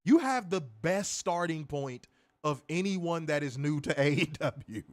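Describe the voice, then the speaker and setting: A man with a slightly high voice and a measured pace co-hosts a wrestling review show. He works through comments and rants casually, cursing plenty, laughing, and staying animated throughout.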